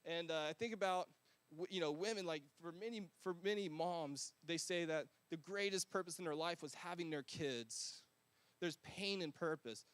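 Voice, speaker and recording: A man's voice: on the high side, moderate pace, fairly bright tone, clean tone, no echo. A man preaching a sermon in a casual, conversational, slangy manner. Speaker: pastor.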